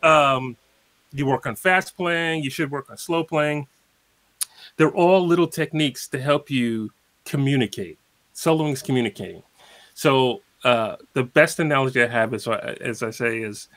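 A man's voice: medium pitch, normal speed, a bit bright. A man guest in a casual interview, explaining at an easy pace with plenty of fillers and spoken examples. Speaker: guitarist guest.

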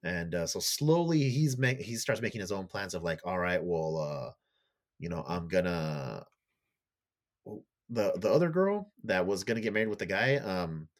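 Speaking at normal speed in an expressive, low-sitting voice, a male podcast co-host casually retells a show's plot. His storytelling is loose and profane, and he acts out characters' dialogue in a raised voice.

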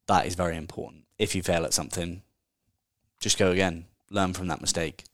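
Very deep-voiced man, chatty. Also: fairly even intonation, fairly quick, dry recording, studio quality. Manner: chatty, candid, swears casually. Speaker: podcast host. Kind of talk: casual solo podcast book review.

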